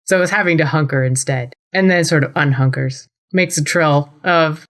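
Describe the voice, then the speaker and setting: A woman's voice: deep voice, normal speed, hardly any pauses, a bit bright. A woman telling an improvised comic story on a podcast, wry and playful. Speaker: podcast player.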